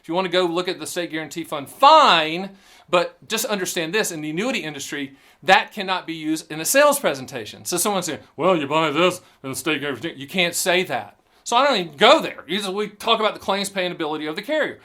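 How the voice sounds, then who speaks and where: A man's voice: high-pitched, fast. A man hosting his own show, explaining annuities straight to camera in a punchy, jokey sales style. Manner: animated, jokey, punchy catchphrases. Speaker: annuity agent and show host.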